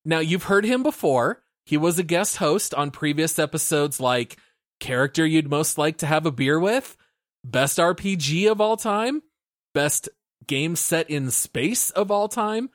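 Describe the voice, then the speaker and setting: A man's voice: fairly high pitch, expressive, unhurried, no room sound, clean studio sound. Upbeat man hosting a podcast. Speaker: podcast host. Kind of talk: scripted podcast intro and casual chat.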